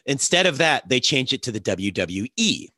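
A man's voice: medium pitch, sing-song, moderate pace, bright, forceful tone, dry recording, studio quality. A man hosting a casual podcast chat, joking and swearing freely, his throat congested with phlegm. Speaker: podcast host.

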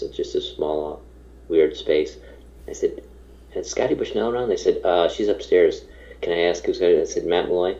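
A middle-aged man tells a story in a deep, warm voice, circling back and tripping over his words. He breaks into the voices of people he quotes. The recording sounds dull and muffled. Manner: rambling, self-interrupting storyteller who acts out quoted voices. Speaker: guest telling a story. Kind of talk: casual anecdote.

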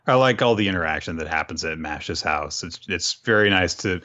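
A man's voice: deep voice, expressive, fairly quick, sharp tone, dull audio. A man co-hosting a podcast, chatting casually and chiming in with cheerful reactions. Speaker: podcast co-host. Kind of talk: casual chat.

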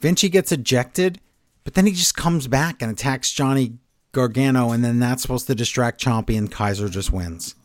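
A man's voice: medium pitch, moderate pace, dry recording. A man co-hosting a wrestling podcast, recapping the week's shows in a sarcastic, exasperated way. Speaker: podcast co-host. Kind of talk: casual wrestling recap chat.

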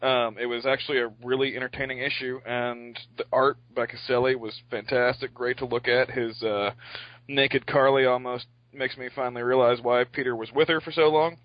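A man in casual chat, reviewing comics with opinionated enthusiasm. His voice sits mid-pitch. The recording is dry and close, with a dull, lo-fi edge. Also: steady tone, a little fast, no room sound. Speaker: podcast reviewer. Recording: dull lo-fi sound.

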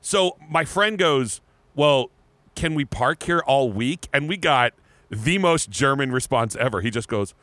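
A man co-hosting a podcast, telling a story in casual chat, animated and laughing, often restarting his words. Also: mid-range voice, unhurried, no room sound. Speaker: podcast co-host.

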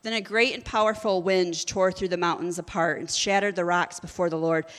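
A woman's voice: lowish voice, steady tone, brisk, fairly bright tone, long reverb tail. A woman preaching a sermon, mixing scripture reading with casual, joking asides. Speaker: pastor.

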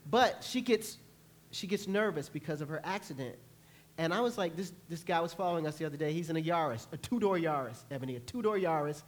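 A male pastor preaching a sermon, telling lively stories and acting out panicked voices. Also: fairly high pitch, fast talker. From New York. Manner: animated storytelling, acts out panicked voices. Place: church.

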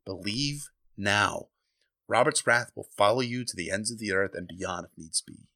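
A man's voice: on the low side, normal speed, sharp tone, no echo, voice pushed down. A man voicing an honorable lord who gives blunt, profane, commanding orders. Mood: angry.

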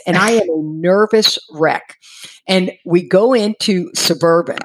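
A middle-aged woman casually telling a personal recovery story, animated and acting out what people said, laughing now and then. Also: fairly low pitch, a little slow. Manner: animated, acts out quoted voices, laughs while telling.

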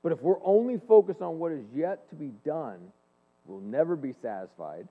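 A man in his forties giving an earnest, animated faith-based talk, telling personal stories to an audience in a large hall. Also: fairly high pitch, normal speed. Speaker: speaker and leadership coach. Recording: long hall reverb, phone-like band.

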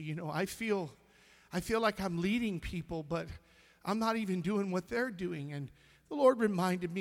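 Male pastor, middle-aged, preaching a story, gravelly, slightly high voice, long reverb. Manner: emotional, halting, sighs and trails off into near-whispers. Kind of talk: sermon storytelling.

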